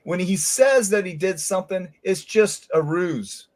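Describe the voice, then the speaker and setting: A man's voice: high voice, unhurried. Angry man ranting as show host. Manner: heated, profane ranting. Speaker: host, former detective. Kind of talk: angry commentary.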